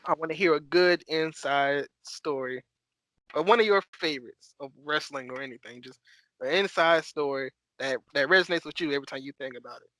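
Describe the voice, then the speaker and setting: A man's voice: on the high side, fairly quick, fairly bright tone, dry recording. A man hosting a podcast, asking questions in easygoing casual chat. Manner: easygoing, short prompts. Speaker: podcast host.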